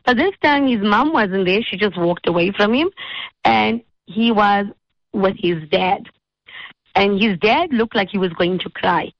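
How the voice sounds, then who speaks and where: A woman hosts a radio talk show and tells her story in a lively, animated way, acting out the quotes as she goes. Her voice sits at an ordinary middle pitch. The sound is dry and a little dull, like a radio studio mic. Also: a little slow, no room sound. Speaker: radio host.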